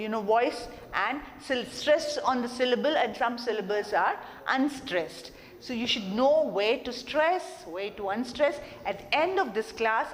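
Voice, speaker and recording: A woman giving a classroom lecture on communication, explaining and repeating her points and asking rhetorical questions. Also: fairly high pitch. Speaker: college lecturer. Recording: long reverb, faint background noise.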